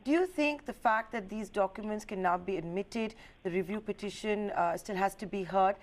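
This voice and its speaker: A woman news anchor, asking brisk, probing questions and introducing a panel. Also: mid-range voice. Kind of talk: television news interview and panel hosting.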